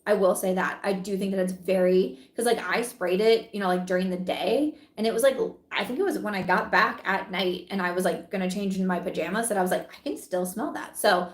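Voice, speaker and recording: A woman's voice: medium pitch, brisk, few pauses, roomy sound. A woman vlogger reviewing beauty products in casual, chatty talk, giggling often and saying "like" a lot.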